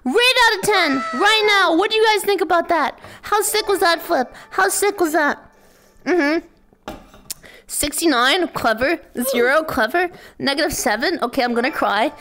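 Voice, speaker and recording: A woman's voice: high-pitched, moderate pace, fairly bright tone. A woman streamer chatting with her chat in a playful, over-the-top way, hyping herself up and joking around. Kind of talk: hyped livestream chat.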